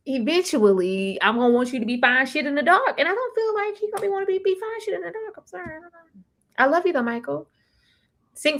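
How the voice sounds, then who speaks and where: Brief: high-pitched, very expressive woman, comedic co-host, loud bursts and laughs. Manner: animated, laughing, playful with sudden loud outbursts. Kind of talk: casual comedic chat.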